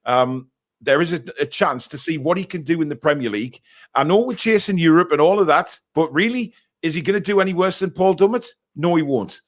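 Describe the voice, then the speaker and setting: A man's voice: a little high, expressive, brisk. A man hosting a casual fan podcast, chatting and reacting with frequent filler words. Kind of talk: casual live-stream chat.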